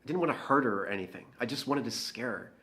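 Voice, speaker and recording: A young adult man, voiced by an actor, makes a sullen, defensive confession in a dramatic audio-drama monologue, playing someone bitter, jealous and drunk. He speaks at a medium pitch, animated and fast, with a sharp tone.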